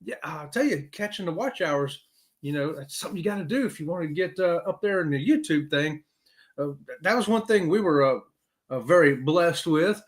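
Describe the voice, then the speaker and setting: A middle-aged man, hosting a casual live-stream chat and talking straight to his viewers. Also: moderate pace. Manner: animated, talks straight to viewers with "y'all", swoops high for emphasis. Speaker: host of a live cruise chat show.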